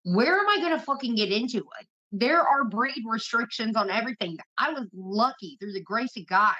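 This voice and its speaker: A woman's voice: a little high, lively intonation, normal speed, bright, forceful tone. A woman hosting a livestream, venting casually to her chat in a blunt, heavily profane way. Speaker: livestream host. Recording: dull lo-fi stream audio.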